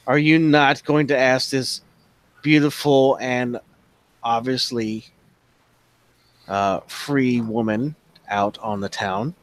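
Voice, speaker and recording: A man's voice: medium pitch, steady tone, slow pace, pauses often, dry recording, natural voice. A man voicing a flirtatious woman adventurer with a teasing manner. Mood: coy.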